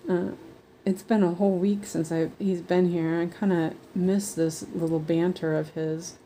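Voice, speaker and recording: A woman's voice: lowish voice, fairly even intonation, moderate pace, mellow, a little hiss or hum. A woman chatting casually and rambling on a live stream while she does cross-stitch. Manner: rambling, chatty, many fillers.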